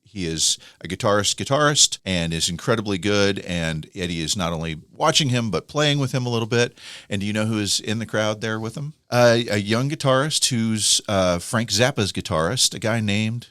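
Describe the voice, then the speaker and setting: Man, podcast co-host, fairly low voice, animated storyteller, dry close sound. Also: moderate pace, dry recording. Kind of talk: casual storytelling chat.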